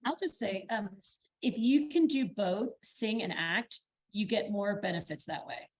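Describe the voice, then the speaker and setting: A woman's voice: mid-range voice, animated, unhurried. A woman on a workshop panel giving emphatic, encouraging audition advice in long building sentences.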